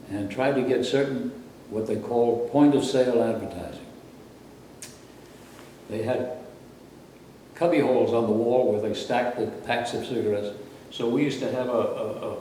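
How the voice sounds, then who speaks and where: An elderly former radio announcer from Brooklyn, New York, is interviewed about his past and drifts through conversational anecdotes of his career, sounding mellow and at ease. His voice is mid-range and the mic is distant, catching a very echoey room and a faint underlying hum.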